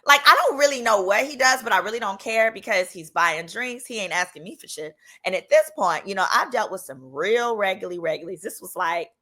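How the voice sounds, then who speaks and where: A woman attorney hosting a casual storytime vlog, with a strong accent and an animated, chatty delivery that slips into voices for dialogue. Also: medium pitch, a little fast, few pauses. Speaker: attorney and channel host.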